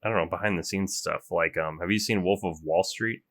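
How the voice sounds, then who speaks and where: Young male podcast co-host, deep and bright-edged, rambling casual talker. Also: fairly quick. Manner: chatty, trails off and restarts, self-described gamer. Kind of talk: casual chat.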